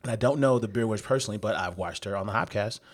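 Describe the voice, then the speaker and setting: A man with a somewhat low voice chatting casually as a podcast co-host. He rambles with plenty of fillers and sounds keen. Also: fast. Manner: chatty, filler-heavy, enthusiastic. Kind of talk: casual chat.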